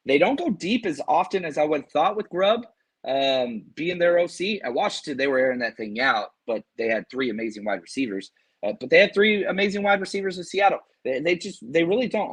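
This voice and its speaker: A man hosting a sports podcast, excitedly talking through matchups and reading fan comments, his voice strained from screaming. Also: a little high, slightly rough. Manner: hyped, animated, reads fan super chats. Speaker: podcast host.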